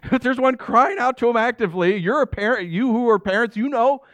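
A middle-aged pastor giving a sermon in a conversational, jokey way, often asking the audience questions. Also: male voice, very high-pitched, brisk, fairly bright tone, no echo.

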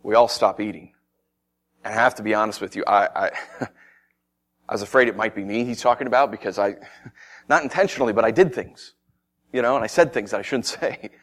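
A man preaching, telling a Bible story in first person as if he had been there, swinging from loud excitement to hushed tones and asking his listeners questions. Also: mid-range voice, brisk, long pauses. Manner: addresses listeners directly with questions.

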